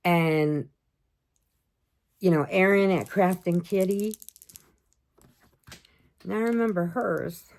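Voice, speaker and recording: Middle-aged woman vlogger, low-pitched, chatty storyteller, casual to camera. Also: slow pace, gravelly, long pauses. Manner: chatty storyteller, animated quoting of others. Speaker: crochet vlogger.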